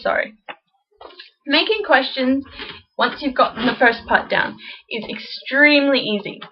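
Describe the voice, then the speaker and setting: A woman teaching a casual beginner language lesson, chatty, slowly repeating example phrases. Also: high voice, dull audio.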